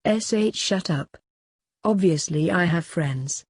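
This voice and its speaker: A woman voicing a bossy, sharp-tongued teenage little sister. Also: on the low side, takes it slowly, breathy edge, no room sound, studio quality. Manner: bossy, snappy.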